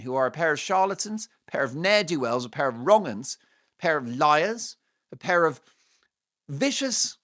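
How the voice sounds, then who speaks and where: A man's voice: fairly high pitch, fairly bright tone. A man hosting a talk show, delivering a scornful, sarcastic monologue with theatrical, punchy lists. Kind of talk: opinionated monologue.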